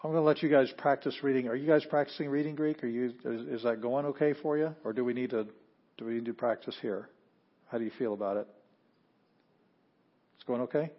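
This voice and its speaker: A man teaching a Greek grammar class, explaining plainly and leading students through a slow read-aloud. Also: mid-range voice. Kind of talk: classroom lecture. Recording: dull lo-fi classroom recording.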